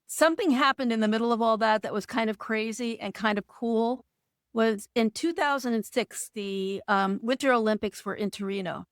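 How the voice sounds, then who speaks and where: A lively woman guest recounting her past and acting out the voices as she goes. Her voice sits a bit high. The sound is dry and close. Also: moderate pace, dry recording. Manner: animated storyteller who acts out dialogue and laughs. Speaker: podcast guest. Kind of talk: storytelling interview.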